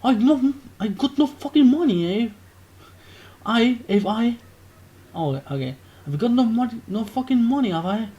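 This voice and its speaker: A man's voice: very high voice, expressive, normal speed, warm tone, highs cut off, pitched above the performer's own voice. A man voicing a broke young male lad in a put-on English accent, swearing and blustering. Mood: indignant.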